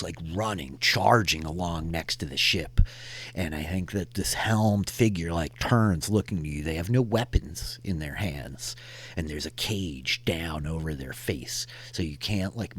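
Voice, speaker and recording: A man's voice: sits low, a bit bright, breathy edge. A man narrating a tabletop game as game master, rambling with many fillers.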